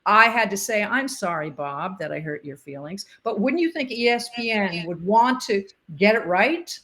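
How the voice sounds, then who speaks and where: Animated woman telling stories. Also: mid-range voice, normal speed. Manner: animated storyteller acting out quoted dialogue. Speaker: interview guest, former sportscaster and umpire. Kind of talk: casual storytelling interview.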